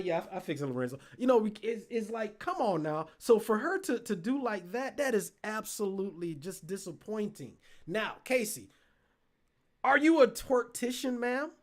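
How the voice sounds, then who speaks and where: A man with a notably high speaking voice hosts a comedy talk show. He tells stories with playful exaggeration, doubling back on words as he builds to a punchline. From Decatur. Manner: animated storyteller, playful exaggeration; repeats words while building up. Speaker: podcast host. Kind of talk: comedic commentary.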